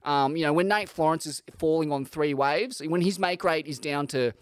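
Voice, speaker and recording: A young man with an Australian accent trades brash, sweary banter as a podcast co-host. His voice sits a bit high for a man, and it is recorded dry and close-miked. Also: moderate pace, clear, resonant tone, no room sound. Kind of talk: casual chat.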